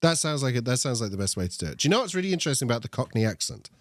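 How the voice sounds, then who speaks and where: Racing along with big leaps in pitch, this young adult male speaks in a mid-range voice and a posh British accent. He's a co-host in a relaxed esports conversation, cracking jokes and rambling off on tangents, captured cleanly in the studio with no echo.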